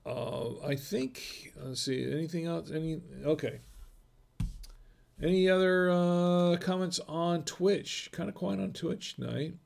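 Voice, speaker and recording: A man's voice: fairly high pitch, takes it slowly, vocal fry, a little mellow. A middle-aged man from North Carolina hosting a casual livestream, rambling and chatty with many fillers and restarts. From North Carolina, USA. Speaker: host.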